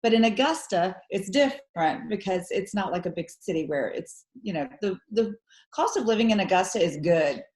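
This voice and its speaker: A woman's voice: medium pitch, expressive, moderate pace, a little mellow. Chatty Southern woman on a video call. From Southern US, Georgia. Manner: chatty, laughs easily. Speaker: guest. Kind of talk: casual interview chat. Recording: echoey room on a video call.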